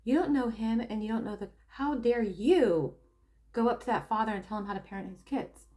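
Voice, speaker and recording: A woman talking casually to camera, telling a story in an animated way and often stopping to laugh and add asides. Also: a little high, fast. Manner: animated storytelling, acting out quoted people. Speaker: tarot reader and spiritual coach. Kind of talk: casual opinion monologue.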